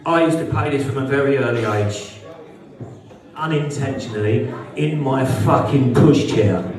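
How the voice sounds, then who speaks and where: A man's voice: mid-range voice, a little slow. A young British man doing a live stand-up routine in a social club, brash and sweary as he banters with the crowd. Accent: British English. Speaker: stand-up comedian. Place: social club comedy venue. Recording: roomy hall, heard from a distance. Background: audience laughter.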